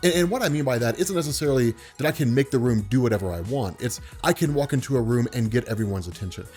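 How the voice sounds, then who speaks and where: A man vlogging in a relaxed, unhurried way, with a voice that carries and commands attention, spoken from the diaphragm. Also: medium pitch, soft background music. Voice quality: carrying, commanding voice. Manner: calm, laid-back, unhurried; speaks from the diaphragm. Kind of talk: relaxed talk to camera.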